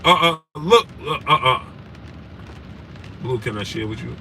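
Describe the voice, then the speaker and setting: A man's voice: mid-range voice, lively intonation, a little slow, pushed and bright. A man hosting a casual sports live stream, talking with passion, greeting viewers by name and often asking "right?". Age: adult with wife and kids. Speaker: sports show host. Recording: distant mic with clear background noise.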